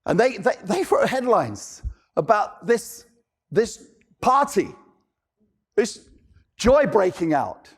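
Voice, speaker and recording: A man preaching a sermon, animated, firing off rhetorical questions and acting out characters. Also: high voice, takes it slowly, pauses often, breathy edge.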